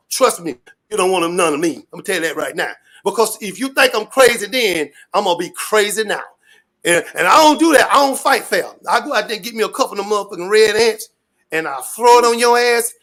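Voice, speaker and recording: Loud, rambling man ranting in street slang. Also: high voice. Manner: loud, rambling, profane street talk with repeated catchphrases. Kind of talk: animated rant to an interviewer.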